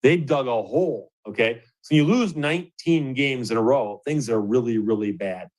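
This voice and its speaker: A middle-aged man from Michigan, hosting a show and telling a story in a casual, animated way, chuckling now and then and restarting his sentences. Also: medium pitch, normal speed, poor audio. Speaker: host.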